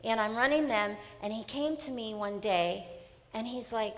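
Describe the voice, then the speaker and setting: A middle-aged woman giving an emphatic, animated motivational seminar talk. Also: a little high, normal speed. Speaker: seminar speaker. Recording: long hall reverb.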